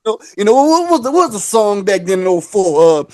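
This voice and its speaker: A man's voice: sits high, very animated, fast, a little mellow, no echo. A man co-hosting a podcast, spinning long stories in casual chat. He acts out every quote and laughs as he goes. His voice sits dry and close to the mic. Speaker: podcast co-host. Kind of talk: casual storytelling.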